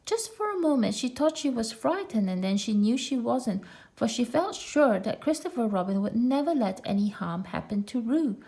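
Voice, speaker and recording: A woman narrating a children's storybook with a clear, expressive reading. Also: on the high side, moderate pace. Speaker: storybook reader.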